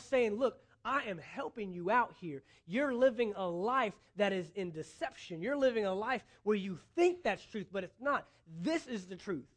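A pastor with a high-pitched voice delivers a sermon, speaking earnestly and building emphasis as he goes. He acts out imagined dialogue to drive his points home.

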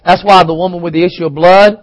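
A man's voice: sits high, steady tone, fast talker, no echo, rough recording. A man preaching a sermon, chatty and questioning, acting out quoted voices, with occasional coughs. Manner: conversational, asks the congregation questions. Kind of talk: sermon teaching.

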